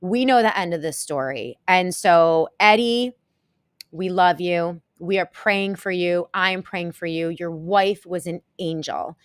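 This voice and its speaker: A woman hosting a live show, talking to her viewers in a halting, emotional way and close to tears. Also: on the low side, dry recording. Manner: halting and emotional, many pauses and restarts. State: tearful, close to crying. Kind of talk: casual live-stream talk to viewers.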